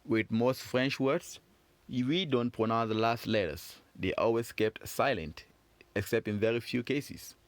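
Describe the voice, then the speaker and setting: A man teaching a French phonics lesson for children, encouraging and repeating words slowly for learners. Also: mid-range voice, no echo.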